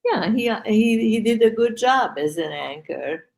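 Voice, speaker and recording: An older woman co-hosting a podcast over a video call from home, speaking in slow, hesitant casual chat with a dry, sarcastic edge. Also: a little high, expressive, darkish tone. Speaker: podcast co-host.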